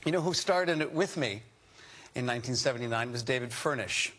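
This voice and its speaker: A man from Canada, an actor guest on a talk show, telling animated anecdotes and laughing often. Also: mid-range voice, brisk. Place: TV studio with audience.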